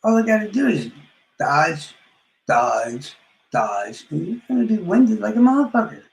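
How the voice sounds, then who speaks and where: Gravelly, boastful trash-talking man. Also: high-pitched, lively intonation, fast, mellow, reverberant, poor audio. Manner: boastful, profane trash talk with trailing mumbles. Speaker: livestreamer. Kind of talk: trash-talking live stream monologue.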